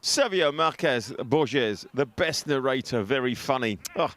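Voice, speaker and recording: A man with a mid-range, fairly bright voice gives animated, slightly slow live football commentary from an outdoor stadium. Wearing a headset with an earpiece, he chats, jokes, laughs frequently and mocks himself.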